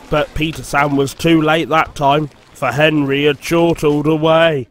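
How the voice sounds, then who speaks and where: A man narrating a storybook in a slow, measured reading. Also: on the high side, flat delivery. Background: background music.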